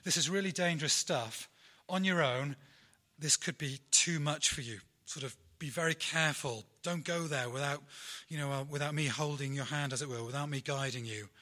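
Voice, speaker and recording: A middle-aged Englishman delivering a sermon with a very bright, forceful tone. He keeps it conversational and self-deprecating and talks straight to his congregation. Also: a little high, moderate pace. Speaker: preacher.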